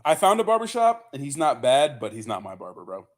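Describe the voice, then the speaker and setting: A man's voice: mid-range voice, huge pitch swings, brisk. A young man casually chatting on a livestream, rambling and swearing with lots of fillers and "bro". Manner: loose, profane, rambling with many fillers and "bro". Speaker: livestream host. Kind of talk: casual livestream chat reading viewer comments.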